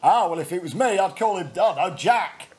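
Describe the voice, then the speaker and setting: A man co-hosting casual comedy banter, in an excitable, jokey, riffing manner. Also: high voice, a little fast. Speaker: co-host.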